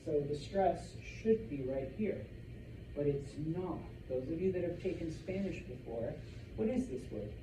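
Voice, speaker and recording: A man teaching a Spanish class to students, repeating words slowly to model their pronunciation. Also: on the high side, animated, warm tone, slight background noise, rough recording. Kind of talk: classroom lesson.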